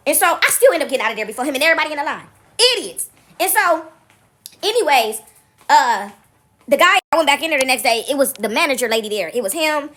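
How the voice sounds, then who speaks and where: A woman vlogger telling a story in a casual monologue, emphatic and animated, often checking in with her listeners. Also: high voice, quick pace. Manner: animated, emphatic retelling with frequent "right?" asides.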